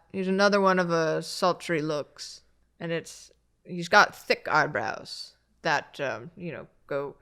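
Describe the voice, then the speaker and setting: A woman with a lower-pitched voice talks through a face feature by feature in casual chat. She hesitates often and keeps stopping to hunt for the right words. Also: fairly bright tone, smooth. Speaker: describing a face for a sketch.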